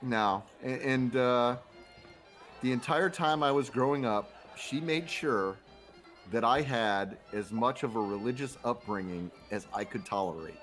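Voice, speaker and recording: Rambling mid-pitched man reminiscing. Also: a little slow, fairly bright tone, soft background music. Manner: rambling, stammering restarts. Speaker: podcast co-host. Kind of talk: casual chat.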